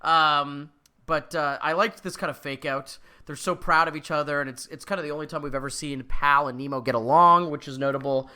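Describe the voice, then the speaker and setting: A man's voice: fairly high pitch, steady tone, fairly quick, bright, forceful tone, smooth. A man co-hosting a podcast in casual, jokey, opinionated chat. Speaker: podcast co-host.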